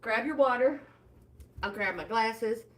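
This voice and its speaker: A woman's voice: a little high, a little slow. An older woman leading a live-streamed walking workout, giving friendly exercise cues and greeting viewers by name. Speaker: fitness instructor and livestream host.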